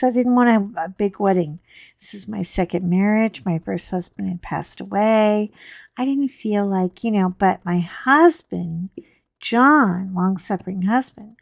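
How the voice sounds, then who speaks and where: A woman's voice: mid-range voice, vocal fry, no room sound, studio quality. Chatty middle-aged woman. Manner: chatty, rambling, animated storyteller. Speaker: crafting channel host. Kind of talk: casual storytelling while crafting.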